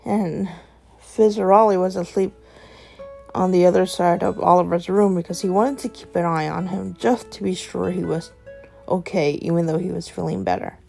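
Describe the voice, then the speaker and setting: A woman's voice: fairly low pitch, fairly even intonation, normal speed, vocal fry, warm tone, faint music behind. A woman narrating an improvised bedtime story in a meandering way, with fillers and self-corrections.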